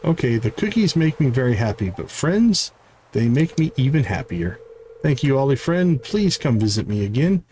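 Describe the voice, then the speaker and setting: A man voicing an excitable newcomer with halting, broken grammar while reading game dialogue aloud. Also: medium pitch, a little hiss or hum, close to an everyday voice. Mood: earnest. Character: eager newcomer speaking broken, simple sentences.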